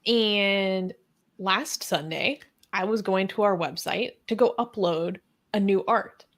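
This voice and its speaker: A woman's voice: mid-range voice, slow. A woman co-hosting a casual news talk show, dry and teasing, then reading headlines.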